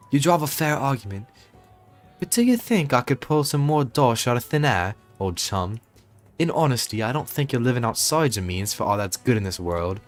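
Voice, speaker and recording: A man voicing a wily, smooth-talking male shopkeeper with old-fashioned, wheedling phrasing. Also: medium pitch, pitched above the performer's own voice, natural voice.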